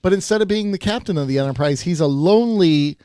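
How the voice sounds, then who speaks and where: A man with a slightly higher-than-usual voice, chatting casually as a podcast co-host. He recaps a story with animated energy and throws in quick voices for the characters. The sound is dry and close, with no room echo. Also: clean tone. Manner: animated, acts out quoted lines in the retelling. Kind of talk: casual chat, retelling an episode plot.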